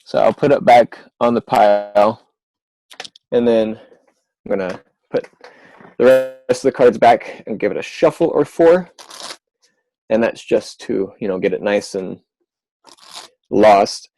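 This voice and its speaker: Slow-talking playful male podcast host. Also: on the low side, mellow, no room sound, low-quality recording. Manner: unhurried, playful, explains step by step. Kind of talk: casual chat over video call. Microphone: video call.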